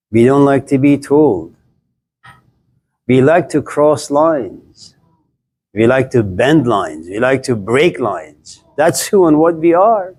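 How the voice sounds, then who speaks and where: A man's voice: fairly high pitch, darkish tone. A man giving a live classroom lecture to students, playful and teasing, stacking up jokes through long repetition and calling on students by name.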